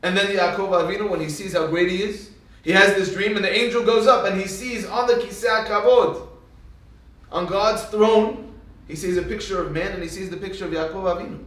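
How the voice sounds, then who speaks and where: A man with a high voice teaching a Torah lesson, heard from a distance in a very echoey room. He tells stories with energy and briefly acts out the people in them. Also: a little fast. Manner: animated storyteller who acts out quoted speech. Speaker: rabbi. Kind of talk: Torah lecture. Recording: echoey hall, speaker far from mic.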